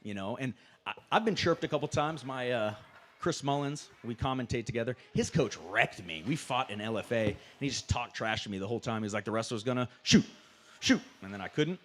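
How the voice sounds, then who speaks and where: A man's voice: mid-range voice, fairly quick, a bit bright. A man who commentates fights, moderating a press conference and asking fighters questions in a chatty, enthusiastic way with lots of fillers.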